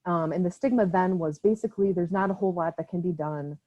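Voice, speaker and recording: A woman's voice: on the low side, quick pace. A young woman from Wisconsin with an Upper Midwest accent gives an online training talk for a mental health nonprofit, speaking casually with many fillers and a frequent "right?". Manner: casual, filler-heavy, often tags "right?". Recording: slightly dull lo-fi call audio.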